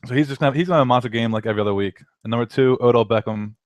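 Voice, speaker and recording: A man's voice: mid-range voice, rapid-fire, no echo. A young man co-hosting a casual sports talk show, often stammering and repeating words. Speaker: co-host.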